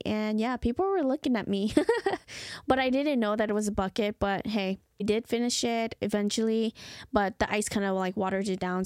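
A woman's voice: medium pitch, a little mellow, no echo, clean studio sound. A young woman hosting a travel podcast, telling a story in a casual, chatty way full of "like" and "you guys".

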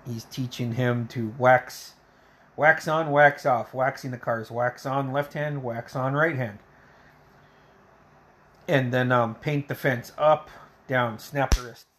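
A man's voice: mid-range voice, fairly even intonation, slow, fairly bright tone. A man casually retelling a film scene by scene, swearing constantly and acting out the characters' lines. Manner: rambling, heavy swearing, acts out quotes. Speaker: movie reviewer. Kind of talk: casual profane movie recap.

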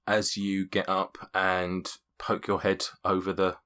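Halting, bright-voiced male game master. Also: low voice, monotone. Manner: halting, many fillers and restarts. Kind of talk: narrating a tabletop game.

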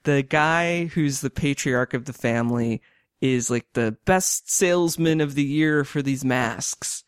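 A man's voice: medium pitch, a little slow, smooth, no room sound, clean studio sound. A man co-hosting a podcast, chatting casually about a film, often restarting his sentences and laughing along. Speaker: podcast co-host.

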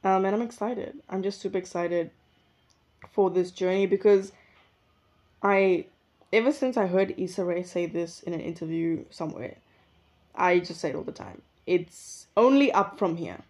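A woman's voice: fairly low pitch, moderate pace, long pauses, a little mellow. A young woman hosting her own podcast alone, thinking aloud in a rambling, reflective way and often correcting herself mid-sentence. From South Africa. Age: young adult. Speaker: podcast host. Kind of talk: casual solo podcast monologue. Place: indoors at her usual recording spot.

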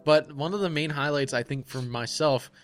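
Young male podcast co-host, lightly raised voice, lively storyteller. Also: a little high, moderate pace, soft background music. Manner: animated storyteller, laughs often. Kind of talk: casual chat.

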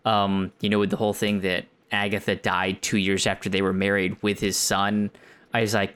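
Man, lowish voice, rambling podcast film chat, lots of fillers. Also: fairly quick. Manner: rambling, animated when excited, frequent fillers. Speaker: podcast co-host. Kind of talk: casual film discussion.

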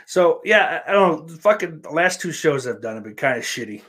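A man's voice: a little high, very animated, fairly quick, pushed and bright. A man hosting his own show, talking in a loose, rambling, profanity-heavy monologue. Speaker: podcast host.

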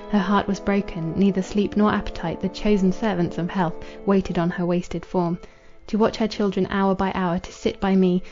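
Woman reading an old novel, warm mellow voice, slow and solemn, a bit dull sounding with faint music. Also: medium pitch. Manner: measured, solemn. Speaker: audiobook narrator. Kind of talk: scripted narration of a classic novel.

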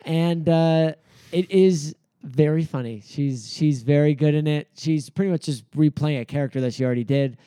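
A man co-hosting a casual podcast, his voice mellow and smooth and sitting a little high for a man. He rambles through his recaps with plenty of "uh" fillers and sounds amused. The recording is dry and close, with no room sound. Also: normal speed, no echo. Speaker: podcast co-host. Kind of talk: casual chat recapping comedy sketches.

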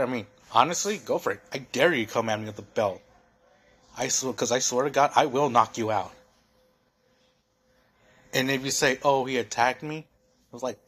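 Husky young man ranting. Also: mid-range voice, a bit bright. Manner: heated, profane, rambling with many fillers. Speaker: podcast host. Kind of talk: solo podcast rant.

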